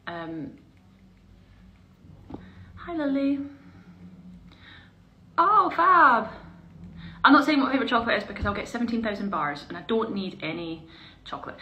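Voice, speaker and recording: A young woman chatting casually to her viewers on a live stream while doing her makeup, bubbly and chatty, sometimes dropping into quiet mutters. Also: mid-range voice, expressive, fairly quick, long pauses, highs cut off. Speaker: performer hosting a live stream. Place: small indoor room. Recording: echoey room with faint hiss.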